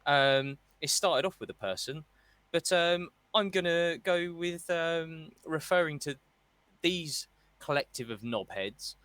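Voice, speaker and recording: A man's voice: on the high side, slow, fairly bright tone, no room sound. A man co-hosting a casual football chat show, ranting and mocking with put-on voices. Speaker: podcast co-host.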